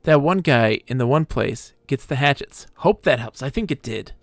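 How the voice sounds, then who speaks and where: A man of ordinary pitch talks through his gameplay in a loose, chatty way, answering viewers and muttering to himself between moves. His voice sits close and dry on the mic, with no room around it. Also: animated, normal speed, no echo. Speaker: gaming streamer. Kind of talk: live-streamed gameplay chat.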